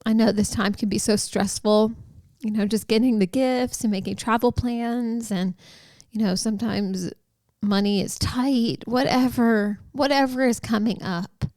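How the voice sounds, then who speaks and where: A woman with a slightly high voice tells a personal faith story as a podcast host. She speaks unhurriedly and heartfelt, in a chatty way with many likes and you-knows. The sound is dry and close, with little room echo. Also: steady tone, a little slow, darkish tone.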